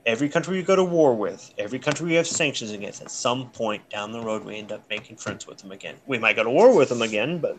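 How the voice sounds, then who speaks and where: A man's voice: mid-range voice, expressive, quick pace, hardly any pauses, a little hiss or hum. A man on a discussion panel, talking casually in a blunt, profane, joking way.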